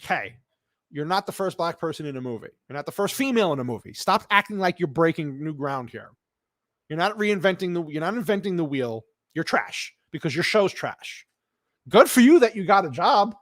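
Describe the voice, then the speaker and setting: A man's voice: fairly high pitch, lively intonation, fairly quick, a bit bright, no echo, studio quality. A man hosting a casual live show, ranting bluntly and crankily with plenty of swearing while he answers his chat. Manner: cranky, blunt, profane rant. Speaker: streamer reading live chat.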